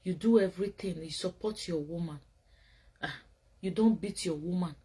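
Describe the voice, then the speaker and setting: Blunt, scolding woman with a husky voice. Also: fairly low pitch, moderate pace, dark tone. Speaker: show host. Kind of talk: casual commentary.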